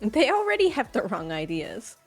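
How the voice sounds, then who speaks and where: High, teasing Canadian woman. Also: huge pitch swings, normal speed, husky, soft background music. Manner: teasing, laughing, playful. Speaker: streamer. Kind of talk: casual chat while gaming.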